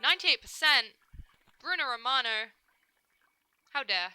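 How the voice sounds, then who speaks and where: A young woman streaming a game, her voice very bright and cutting as she rants with plenty of swearing and jokes at her own expense. Her pitch sits a little high, and soft music plays faintly behind her. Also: measured pace, clean tone. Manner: animated, profane ranting, self-mocking. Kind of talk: casual gameplay commentary.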